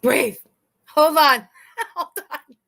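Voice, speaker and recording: A woman hosting a casual live stream with a bright, forceful voice pitched a little high. She chats loosely, laughs often and swears freely, talking straight to her viewers. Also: animated, normal speed.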